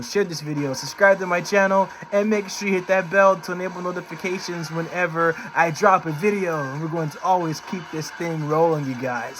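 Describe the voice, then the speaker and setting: A man's voice: sits high, background noise. A man hosting a casual vlog, chatty and upbeat, reading out a news article and laughing along. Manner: upbeat, chatty, laughs at his own impressions. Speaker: channel host. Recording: clear background music.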